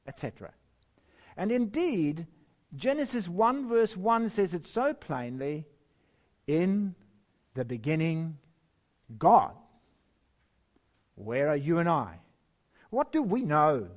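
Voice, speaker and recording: Reading scripture as part of a sermon, a male preacher speaks in a slow, emphatic style with big swings in both pitch and volume. He lets out the occasional chuckle.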